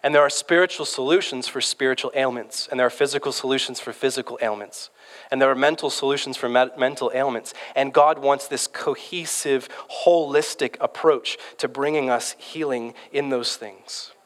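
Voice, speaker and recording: A man's voice: medium pitch, steady tone, normal speed, a bit bright. Man in his thirties preaching in a reverberant hall. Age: 30s. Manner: conversational storytelling with frequent restarts. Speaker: pastor. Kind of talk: sermon.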